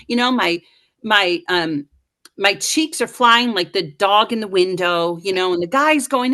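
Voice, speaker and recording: A woman guest in middle age telling a story with lively, self-mocking humor, acting out the voices of the people in it. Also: medium pitch, unhurried. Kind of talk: animated storytelling.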